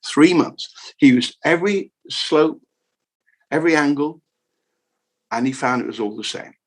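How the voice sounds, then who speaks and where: Husky-voiced man giving a jokey lecture. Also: a little high, measured pace, poor audio. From United Kingdom. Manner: jokey, animated, repeats words for emphasis. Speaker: keynote speaker. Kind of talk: humorous lecture on maths history.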